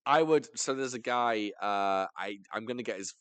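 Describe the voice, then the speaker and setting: A man hosting a podcast, telling stories in casual chat, animated and jumping up in pitch for emphasis, with some swearing. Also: moderate pace, smooth, no room sound. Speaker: podcast host.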